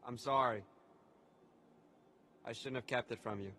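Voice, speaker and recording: A man's voice: medium pitch, steady tone, measured pace, vocal fry, bright, forceful tone, exaggerated voice. An actor playing a young man camp counselor who is embarrassed and guarded in a game cutscene. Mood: subdued.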